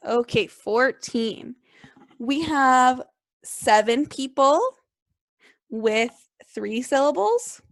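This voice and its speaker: A young woman teaching a second grade class remotely, upbeat, clear and encouraging as she speaks to small children. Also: high voice, animated, very slow, pauses often, no room sound, clean studio sound.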